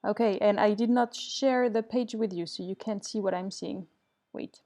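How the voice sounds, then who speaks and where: A woman's voice: medium pitch, normal speed, warm tone. A woman teaching an online English class, reading student answers aloud and commenting kindly, switching to to correct mistakes. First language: French.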